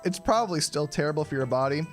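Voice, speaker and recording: A young man casually commenting on his own gameplay during a live stream, rambling and chatty, often clearing his throat. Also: fairly high pitch, expressive, quick pace. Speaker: game streamer. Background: game music.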